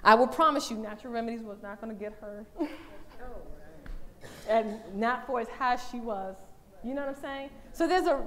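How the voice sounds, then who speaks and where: A woman addresses a church congregation as its women's day speaker, keeping things conversational and energetic. Her pitch sits a little high, and laughter comes often.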